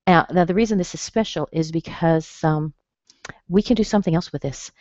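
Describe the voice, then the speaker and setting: Low-voiced American woman teaching pronunciation. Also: a little mellow, no echo. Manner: patient, explains slowly, drawing out demonstration sounds. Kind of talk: live online class. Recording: dry, dull lo-fi webinar audio.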